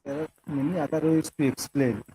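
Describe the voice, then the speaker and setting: A man's voice: fairly high pitch, steady tone, dark tone, faint music behind, rough recording. Hesitant man answering from the audience. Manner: hesitant, halting. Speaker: workshop participant.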